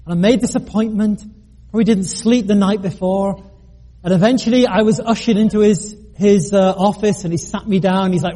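High, husky man preaching. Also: steady tone, normal speed, mellow. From United Kingdom. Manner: earnest, self-deprecating, with joking asides and stammered restarts. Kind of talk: sermon with personal story.

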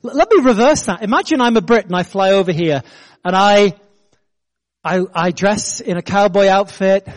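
A middle-aged British man preaching a sermon with an English accent, animated and joking at his own expense as he makes his point. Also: high voice, moderate pace. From Britain. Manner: animated preaching with self-deprecating jokes and laughter. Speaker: pastor.

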